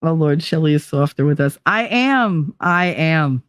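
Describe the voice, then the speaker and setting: A woman's voice: low-pitched, animated, measured pace, clear, resonant tone, dry recording, studio quality. A woman with a New Jersey accent hosting a livestream, chatting casually with viewers in a blunt, profane, rambling way. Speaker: livestream host. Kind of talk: casual chat with live viewers.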